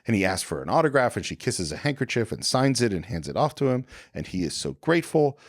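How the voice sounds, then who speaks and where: A man's voice: mid-range voice, very animated, quick pace, dry recording, clean studio sound. A man co-hosting a podcast in casual chat, retelling film scenes and slipping into the characters' lines. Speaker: podcast co-host.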